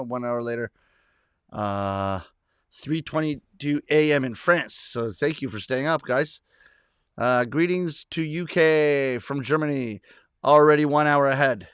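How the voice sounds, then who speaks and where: A man's voice: medium pitch, fairly bright tone, clear, resonant tone, no echo, studio quality. A middle-aged Canadian man hosting a casual livestream, reading viewer comments aloud with easy laughs. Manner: chatty, reads comments aloud, self-deprecating laughs. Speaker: livestream host reading chat. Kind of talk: casual chat.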